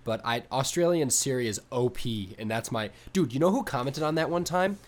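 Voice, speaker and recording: A young man co-hosting a podcast, telling stories in a casual, animated way with swearing. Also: mid-range voice, normal speed. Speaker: podcast co-host. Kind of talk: casual chat.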